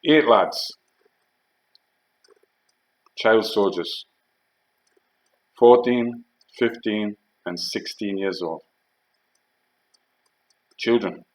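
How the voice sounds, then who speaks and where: Older ex-soldier with a lowish voice, blunt and combative, swearing through a heated monologue. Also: male voice, extremely slow, long pauses, rough recording. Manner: blunt, swearing, emphatic with rhetorical questions. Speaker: former soldier telling war stories.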